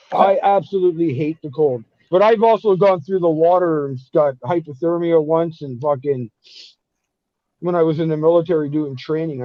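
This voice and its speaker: A man's voice: a little high, dry recording. A man telling cold-weather stories in casual chat, heavy with swearing. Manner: profane, storytelling. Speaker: podcast guest telling stories. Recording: dull dry lo-fi audio.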